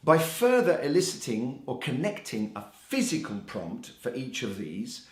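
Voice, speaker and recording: Animated male teacher trainer. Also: medium pitch, normal speed. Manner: demonstrates classroom phrases in animated voices. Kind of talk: instructional talk for teachers.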